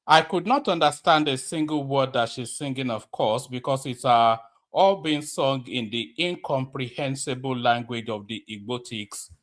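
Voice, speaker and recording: A male livestream host talks in a loose, rambling way, full of fillers and restarts. He sounds a little out of breath, and his voice sits at a middle pitch. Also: moderate pace, a bit bright. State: slightly out of breath. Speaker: commentator host. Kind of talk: casual livestream commentary.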